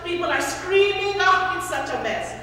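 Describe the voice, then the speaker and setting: A woman's voice: very high-pitched, lively intonation, normal speed, sharp tone, slight background noise. A woman telling a folk tale to an audience with playful, laughing asides. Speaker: storyteller. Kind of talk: animated oral storytelling. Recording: echoey hall from far off.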